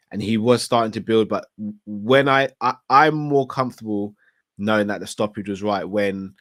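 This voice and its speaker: Hesitant man, low dry voice. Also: no echo. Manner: hesitant, restarts a lot, frank. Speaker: podcast co-host. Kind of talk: casual MMA podcast chat.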